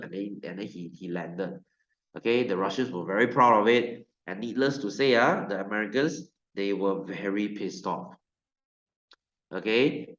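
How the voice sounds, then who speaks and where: A man's voice: medium pitch, fairly bright tone, reverberant, highs cut off. A man with a Malaysian English accent, teaching a science class in a loose, joking way and putting on mocking voices. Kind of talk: classroom lecture.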